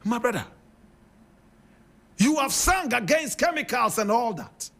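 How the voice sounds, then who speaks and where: A man's voice: extremely high pitch, expressive, a little slow, creaky, a bit bright. A man with a Ghanaian accent giving impassioned commentary, emphatic and preaching, firing rhetorical questions. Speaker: radio commentator.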